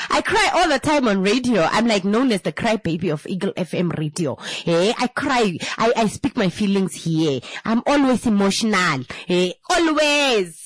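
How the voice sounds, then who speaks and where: A chatty woman hosts her radio show from a dry, close studio. She talks in an emotional, repetitive way and laughs often. Her pitch sits in the middle for a woman. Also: expressive, moderate pace, no room sound. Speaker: radio talk show host. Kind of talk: casual radio chat.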